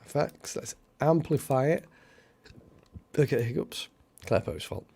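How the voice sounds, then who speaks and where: Gravelly, chatty man hosting live. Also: medium pitch, measured pace, slight background noise. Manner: chatty, thanks viewers by name, excitable. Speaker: live stream host. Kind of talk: casual live stream chat.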